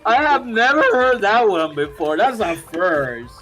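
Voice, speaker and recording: A man's voice: high voice, unhurried, soft background music. A man from Puerto Rico chatting casually while playing a video game with a friend, often restarting his words and laughing. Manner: animated, stumbling restarts, frequent laughs. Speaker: guest player. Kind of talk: casual gaming chat.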